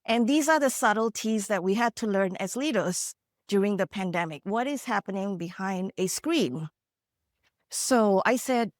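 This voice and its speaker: A woman's voice: medium pitch, expressive, unhurried, no room sound, clean studio sound. A woman from India giving a motivational keynote, telling stories in an earnest, conversational way with frequent asides to the audience. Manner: earnest, conversational, frequent "you know" and "right?". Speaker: keynote speaker.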